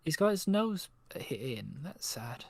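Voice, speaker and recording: A man's voice: a little high, big pitch swings, unhurried, vocal fry, breathy edge, no room sound. A man co-hosting a live stream, chatting playfully and riffing with exaggerated jokes. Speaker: streamer co-host. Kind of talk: casual live-stream chat.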